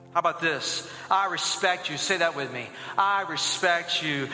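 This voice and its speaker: Bright-voiced male pastor preaching in an echoey hall. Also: sits high. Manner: preaching with call-and-response to the congregation. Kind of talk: sermon. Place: church auditorium. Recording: echoey hall with long reverb.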